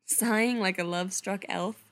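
A woman's voice: mid-range voice, normal speed, natural voice. A woman voicing an eager, carefree young brother. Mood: excited. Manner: bright, excited.

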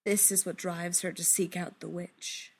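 A woman reading a literary story aloud in a hushed, measured, intimate way, often dropping into a whisper. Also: fairly low pitch, level tone, slightly rough.

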